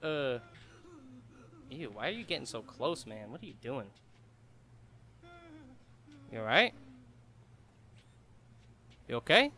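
A man's voice: mid-range voice, big pitch swings, slow, pauses often, bright, forceful tone. A man giving casual, joking let's-play commentary, chatty and laughing often. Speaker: gamer streamer.

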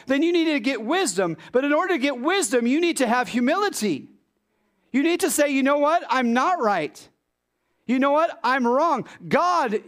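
A male pastor preaching a sermon to his congregation in an animated way. His high voice lifts on rhetorical questions and then drops low and quiet to stress a point.

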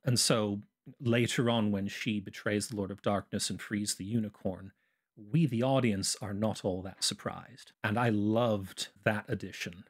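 Man, podcast co-host, husky voice, detailed scene-by-scene movie recap, casual chat. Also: fairly low pitch, fairly even intonation, measured pace. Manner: detailed, methodical scene recounting.

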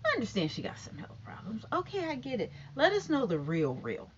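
A talkative woman vlogging in a casual, rambling way, with a higher voice that swings up and down a lot. She piles up fillers and asides as she airs her opinions. The sound is dull and lo-fi. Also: brisk, slight background noise. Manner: rambling, animated, many fillers. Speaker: YouTuber commenting on a talk show. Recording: dull lo-fi recording.

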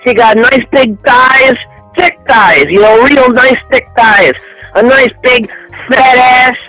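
A man's voice: very high-pitched, takes it slowly, pushed and bright, no room sound, soft background music, exaggerated voice, rough recording. A man voicing a pushy male client who leaves a gushing, crude voicemail monologue in an animation.

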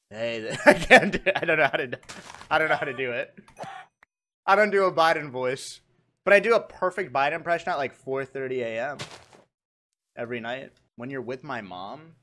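A man's voice: medium pitch, normal speed, pauses often, sharp tone, slight background noise. A young man streaming and chatting casually, rambling and swearing. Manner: rambling, swearing, laughing at own jokes.

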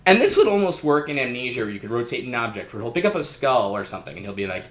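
Guy ranting on a podcast, super lively voice, swears a lot, echoey room. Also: mid-range voice, rapid-fire. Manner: animated, swearing, jumps into loud mocking impressions. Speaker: podcast co-host. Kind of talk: casual chat.

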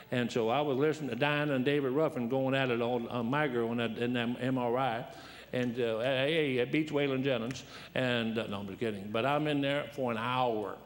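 A man's voice: mid-range voice, moderate pace. A man in his seventies, a guest preacher, telling rambling, humorous personal stories during a sermon. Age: 70s. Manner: folksy, rambling, humorous storyteller. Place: church sanctuary. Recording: reverberant church hall.

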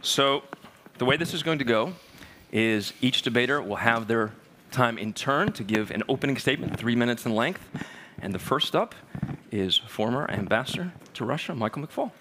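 Man, moderating a debate, bright voice, relaxed and informal. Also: medium pitch, moderate pace, a faint crowd, a little hiss or hum. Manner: friendly, informal, with fillers.

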